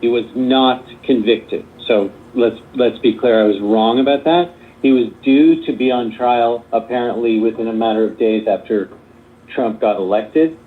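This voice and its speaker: Measured man on a thin phone line. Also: medium pitch. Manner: measured, insists on finishing his point. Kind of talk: political debate. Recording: tinny phone-like audio.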